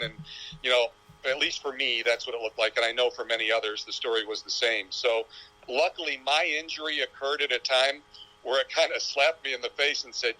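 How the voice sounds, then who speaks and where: Bright-voiced man in his sixties. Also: medium pitch, fairly even intonation, a little fast, poor audio. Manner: rambling, reflective, storytelling. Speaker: professional golfer guest. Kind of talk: casual interview chat.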